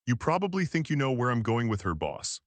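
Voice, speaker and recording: A man narrating an audiobook in the first person, calm and measured. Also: mid-range voice, no room sound.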